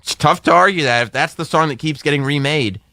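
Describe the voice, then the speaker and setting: A man's voice: a little high, brisk, vocal fry, sharp tone, dry recording, clean studio sound. A man co-hosting a radio show, chatting casually and joking with a light laugh.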